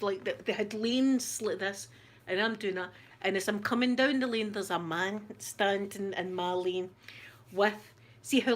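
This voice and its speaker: A middle-aged woman with a Scottish accent, a channel host in casual chat, laughing often as she tells stories. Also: mid-range voice. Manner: chatty, laughs often, storytelling.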